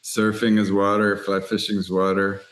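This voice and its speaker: A middle-aged man from Texas, a writer and angler, telling lively anecdotes in an interview and acting out other people's lines. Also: lowish voice, normal speed. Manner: animated anecdotes, voices other people in quotes. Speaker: podcast guest, writer and angler. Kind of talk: storytelling interview chat.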